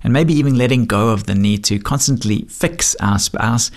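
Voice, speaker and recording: A man hosting a radio show, reading a gentle, earnest scripted reflection. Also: mid-range voice, normal speed.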